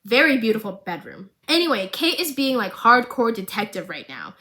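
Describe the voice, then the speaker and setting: Young woman, bright voice, sits a bit high, chatty recap comic who swears and pokes fun at the characters. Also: sing-song, normal speed. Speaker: recap vlogger. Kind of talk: comedic show recap with acted quotes.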